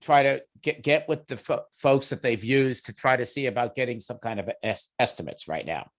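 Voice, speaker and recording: A man's voice: mid-range voice, normal speed. Easygoing Long Island man chairing a meeting. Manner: easygoing, conversational, thinks aloud. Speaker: committee chair. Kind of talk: meeting discussion.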